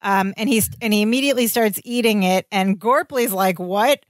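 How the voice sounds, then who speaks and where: A woman's voice: medium pitch, a little fast, dry recording, clean studio sound. A woman co-hosting a podcast, casually retelling an episode and quoting the characters. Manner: animated retelling, quotes characters. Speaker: podcast co-host. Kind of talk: casual recap chat.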